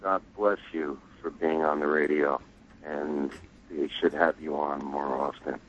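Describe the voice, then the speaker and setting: A man calling in to a radio show, with a very deep voice and a slow, earnest delivery. The line sounds dull and muffled. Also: little pitch movement. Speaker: caller. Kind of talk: phone-in chat.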